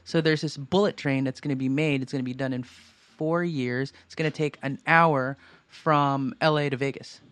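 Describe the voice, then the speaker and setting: A man's voice: mid-range voice, steady tone, moderate pace, fairly bright tone, clear, resonant tone, no echo. A man who drums and produces in a band, a podcast guest, talking easily and chattily. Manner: easygoing, chatty. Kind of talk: casual chat.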